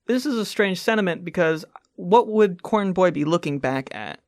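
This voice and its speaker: A woman co-hosting a comedy podcast, reading a spooky story aloud and then joking about it in animated bursts. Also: lowish voice, normal speed, dry recording, clean studio sound. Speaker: podcast co-host.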